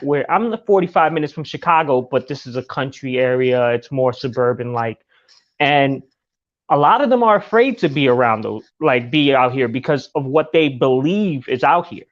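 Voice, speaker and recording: A man hosting a podcast who talks in a relaxed, casual way and swears now and then. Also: on the high side, dull audio. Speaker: podcast host. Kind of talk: casual chat.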